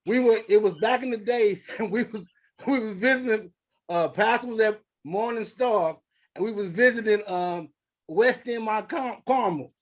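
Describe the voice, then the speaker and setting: A lively man from St. Louis with a noticeably high voice leads a casual interview. He speaks, acts out quotes in his stories, and laughs often. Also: normal speed. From St. Louis, USA. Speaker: podcast host.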